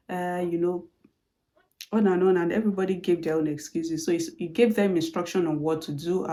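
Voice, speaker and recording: A woman's voice: lowish voice, moderate pace. A woman telling a personal story in a motivational talk, acting out the lines of the people she quotes. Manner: animated storytelling, acts out quoted dialogue. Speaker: motivational speaker.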